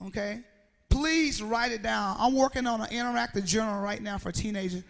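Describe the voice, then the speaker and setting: A woman's voice: a little high, a little fast, creaky. A woman, giving a motivational speech to students and acting out the dialogue in her story. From Mississippi, USA. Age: 40s. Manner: storytelling, acts out dialogue, quizzes the audience. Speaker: motivational speaker. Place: school assembly hall. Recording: echoey hall reverb.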